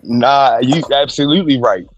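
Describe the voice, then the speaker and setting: A man in a casual podcast debate, pushing back in a measured, firm way. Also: medium pitch, lo-fi sound.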